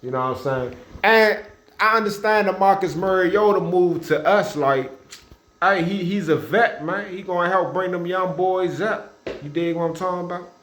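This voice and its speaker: Blunt, swearing football fan ranting. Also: male voice, high voice, normal speed, fairly bright tone. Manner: blunt, repetitive, trash-talking, swears often. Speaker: sports vlogger. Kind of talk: casual opinionated rant.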